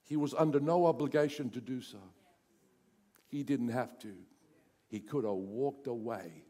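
A male pastor preaching a sermon, building to loud emphatic runs and then dropping to hushed, intense passages. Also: medium pitch, unhurried. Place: church sanctuary. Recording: church hall reverb.

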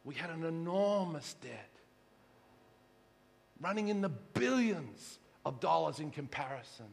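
Aussie pastor, high voice, goes from quiet to shouting, churchy echo. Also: male voice, sing-song, unhurried, vocal fry. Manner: dynamic, swinging from hushed to shouting. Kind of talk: sermon.

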